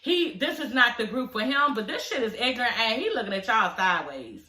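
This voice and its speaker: A woman's voice: fairly high pitch, animated, a little fast, pushed and bright. Blunt, profane woman in an echoey room. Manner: blunt, profane, chatty, frequent laughing asides. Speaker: vlogger recapping a reality show. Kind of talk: casual recap vlog.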